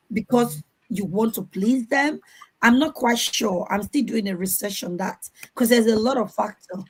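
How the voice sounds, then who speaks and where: A woman's voice: mid-range voice, darkish tone, poor audio. A woman speaking on an online panel over a video call, giving earnest advice and sometimes repeating words as she looks for the next one. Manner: earnest, advising, repeats words while finding them. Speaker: conference panelist.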